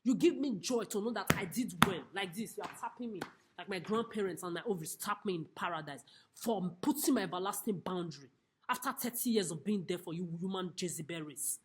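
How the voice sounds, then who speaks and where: Woman, angry vlog rant, accusatory and repetitive, heavy cursing, mid-pitched voice, recorded seated indoors at a shelter. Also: fairly quick, slight background noise. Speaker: vlogger. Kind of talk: angry direct-to-camera rant. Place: homeless shelter, seated on a chair.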